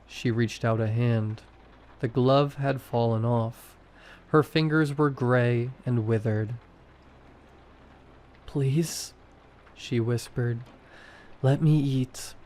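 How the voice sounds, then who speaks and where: Male horror narrator, slow unhurried delivery, terse short sentences, first person. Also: mid-range voice, fairly even intonation, a little mellow.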